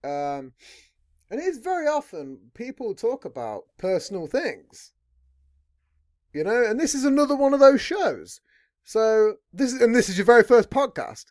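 A man's voice: extremely high pitch, very animated, normal speed, darkish tone. A man hosting a podcast in a rambling casual chat, swearing constantly. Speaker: podcast host.

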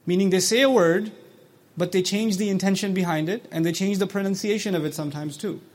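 A man's voice: sits high, steady tone. A man lecturing on scripture, explaining words and quoting short Arabic passages, who asks his listeners questions and acts out quoted speech. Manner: recites Arabic quickly between English explanations. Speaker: Quran teacher.

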